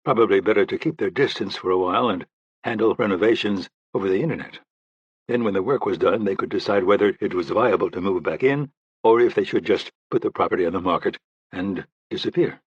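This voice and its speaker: Low husky guy reading a thriller audiobook, steady, dry and a bit muffled. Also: dry recording. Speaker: audiobook narrator. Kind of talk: scripted thriller narration.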